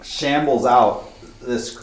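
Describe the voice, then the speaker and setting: Game master, male, slow descriptive narration, roomy sound. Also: mid-range voice, slight background noise.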